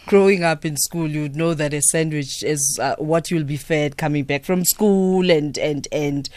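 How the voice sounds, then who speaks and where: This radio host, a man with a slightly high voice, talks unhurriedly and casually into a studio microphone, leaning on lots of fillers. He sounds relaxed and hums while chewing, with no room sound audible.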